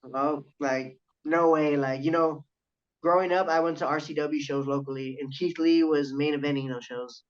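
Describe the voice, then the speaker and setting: A young man tells a story on a casual podcast, eagerly acting out the other people in it and swearing freely. His voice sits a bit high. The recording sounds dull and lo-fi. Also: steady tone, moderate pace. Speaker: guest, professional wrestler. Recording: dull lo-fi audio.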